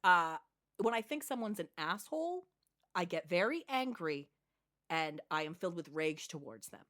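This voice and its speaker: A woman's voice: on the low side, big pitch swings, normal speed, fairly bright tone. A woman co-hosting a podcast, chatting casually in a giggly, self-deprecating way. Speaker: podcast co-host. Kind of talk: casual chat about reality TV.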